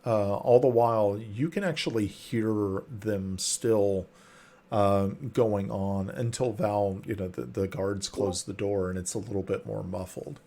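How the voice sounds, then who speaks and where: Slow gravelly man running a tabletop game. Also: on the low side, fairly even intonation, mellow. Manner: halting, many restarts and fillers. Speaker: game master.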